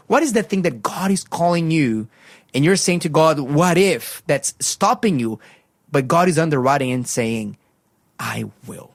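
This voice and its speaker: A man hosting a faith radio breakfast show tells a Bible story in a casual way, full of fillers and restarts. He jumps up in pitch to act out each voice. His studio mic sounds dry and close. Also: expressive, unhurried, no echo.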